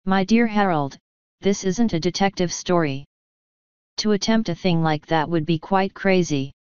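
A woman's voice: fairly low pitch, measured pace, a little mellow, clean tone, no echo, highs cut off, lightly acted. A woman reading the part of a decisive, incisive English mother. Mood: scornful.

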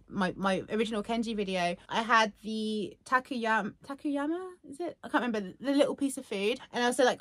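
A woman vlogging casually while unboxing gifts, gushing and excitable. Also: high voice, dry recording. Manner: gushing and excitable, many fillers.

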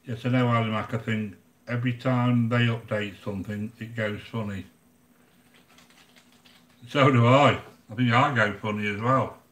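A man's voice: medium pitch, steady tone, moderate pace, long pauses, fairly bright tone, echoey room. An older English man hosting a live cooking channel, chatting casually and bluntly with viewers, grumbling and joking as he goes. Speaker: livestream cooking channel host.

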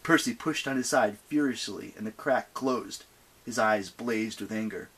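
Husky male audiobook narrator. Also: lowish voice, moderate pace. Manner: expressive reading.

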